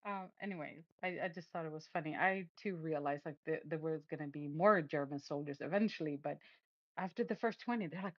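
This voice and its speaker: A woman's voice: low voice, fairly quick, no room sound. A woman from Sweden, chatting casually and mocking the news with a giggle, heard over a dull lo-fi call. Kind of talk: casual geopolitical chat.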